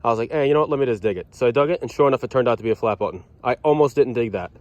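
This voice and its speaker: A man with a New York accent, narrating his metal detecting finds outdoors in casual, chatty vlog style and getting excitable. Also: mid-range voice, rapid-fire, dry recording, lo-fi sound. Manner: excitable, chatty, stumbles over words when thrilled. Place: outdoors in thick brush.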